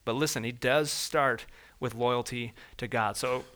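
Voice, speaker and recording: Bright-voiced man preaching a sermon. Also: medium pitch, unhurried. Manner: conversational, acts out everyday scenes with animated voices. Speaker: pastor.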